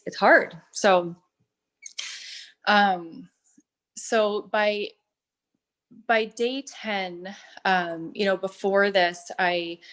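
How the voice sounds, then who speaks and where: Earnest woman sharing a halting testimonial. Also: medium pitch, fairly bright tone. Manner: earnest, halting, many fillers and restarts. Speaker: product testimonial speaker. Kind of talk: personal testimonial.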